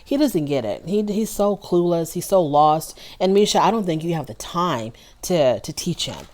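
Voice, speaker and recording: A woman's voice: lowish voice, expressive, moderate pace, darkish tone. A woman giving a casual, opinionated recap of a reality show episode. She talks directly to the people on the show and often uses fillers and restarts. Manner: chatty with frequent ums and restarts. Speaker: reality TV reviewer.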